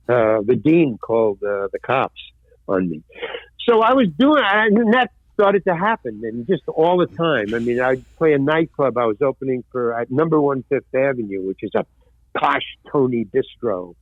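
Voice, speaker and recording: An older man, a former stand-up comic, telling lively anecdotes in an interview and acting out the voices of people he quotes. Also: mid-range voice, normal speed, dry recording. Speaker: guest, actor and former stand-up comedian. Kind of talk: storytelling interview. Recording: dry, tinny phone-like line.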